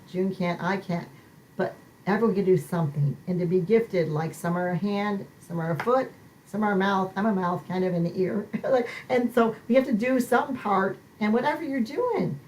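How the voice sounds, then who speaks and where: A middle-aged woman hosting a Christian ministry podcast, talking emotionally in a preacher-like way that swings high for emphasis. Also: a little mellow, a little hiss or hum, low-quality recording. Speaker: podcast host.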